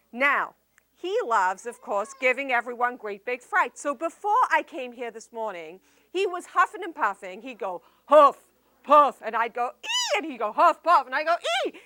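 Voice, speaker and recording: High, slow, sing-song woman storyteller. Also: no room sound. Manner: animated, sing-song, drawn-out emphasis. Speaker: children's entertainer. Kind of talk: live storytelling to children.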